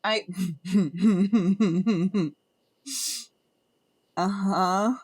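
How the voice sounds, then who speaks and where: A woman's voice: mid-range voice, steady tone, extremely slow, a little mellow, husky, no echo. A woman streamer chatting casually and playfully with her viewers while she draws, often laughing. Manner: playful and giggly, greets chat members. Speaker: streamer drawing art live. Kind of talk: casual livestream chat with viewers.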